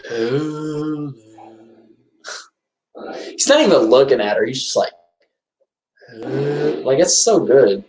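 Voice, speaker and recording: A man giving casual, excitable commentary over a horror movie, rambling and restarting his sentences. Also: mid-range voice, a little slow, long pauses, slight background noise. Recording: echoey room.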